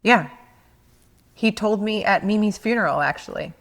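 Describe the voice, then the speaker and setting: A woman's voice: medium pitch, moderate pace, vocal fry, fairly bright tone, big-room sound. A woman co-hosting a reflective podcast, searching for words as she reflects. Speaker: podcast co-host. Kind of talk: reflective conversation.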